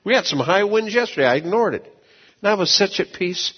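Pastor guy preaching, kinda husky and high-ish, big echoey hall, muffled sound. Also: expressive, fairly quick. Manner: folksy storytelling, repeats words, swings from low asides to shouted peaks. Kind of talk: sermon.

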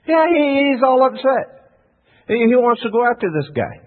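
Folksy preacher with an animated, husky voice. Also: male voice, very high voice, normal speed, narrow, tinny audio. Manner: animated storytelling, emphatic, folksy. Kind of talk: sermon.

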